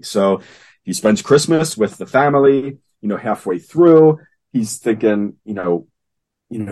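Husky man retelling a comic story. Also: lowish voice, a little slow. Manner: animated retelling, acting out lines in quotes. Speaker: podcast co-host. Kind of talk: casual comic book discussion.

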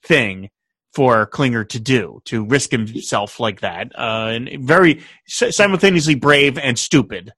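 A man co-hosting a casual chat, animated, laughing often and quoting lines. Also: medium pitch, a little slow, no echo, studio quality. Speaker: podcast co-host.

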